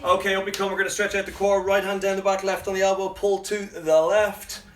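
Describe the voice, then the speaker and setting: A man, out of breath, leading a live workout with energetic cues and chatty asides. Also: sits high, fairly quick. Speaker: fitness coach. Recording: echoey room, mic at a distance, faint music.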